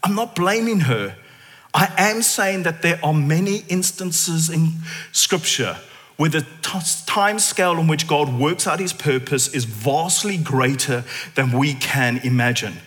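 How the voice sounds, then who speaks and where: Animated preacher, bright voice. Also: male voice, a little high, unhurried. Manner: animated, theatrical, shifts to hushed intensity. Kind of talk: sermon. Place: church. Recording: long church hall reverb.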